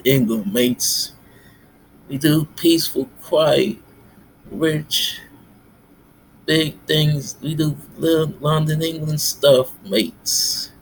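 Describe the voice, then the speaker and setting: A man rambling in a monologue, tacking "mates" onto nearly every phrase in a halting, repetitive delivery. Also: on the high side. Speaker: self-styled pastor vlogger.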